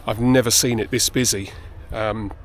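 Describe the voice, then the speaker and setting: On his way up a busy mountain path, a hiker chats casually about himself with a self-deprecating touch, a bit short of breath, holding his phone camera close. His voice runs on the low side, with fairly even intonation and a moderate pace.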